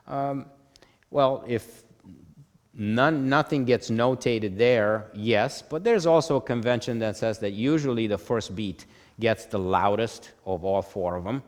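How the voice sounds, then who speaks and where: A man's voice: mid-range voice, a little slow, long reverb tail. A man teaching music theory at a board, explaining step by step, often checking "okay?" and chanting rhythms on "ta". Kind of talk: whiteboard lesson.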